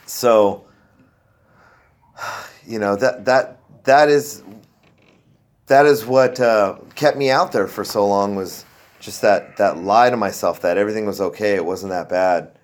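A man's voice: on the low side, unhurried, long pauses. A man shares his own recovery story in loose, casual testimony. He rambles with fillers and restarts, and he jokes at his own expense as he goes. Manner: rambling and self-deprecating, with many fillers and restarts. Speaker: speaker sharing a recovery story.

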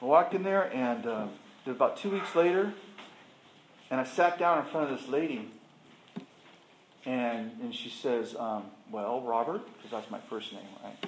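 A man's voice: a little high, a bit bright, slight background noise. A middle-aged man sharing his recovery story at a support meeting, plainspoken and self-deprecating, acting out past conversations. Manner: plainspoken and self-deprecating, acts out dialogue with laughter. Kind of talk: candid personal testimony to a group. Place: meeting room with an audience. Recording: roomy room echo with faint ambience.

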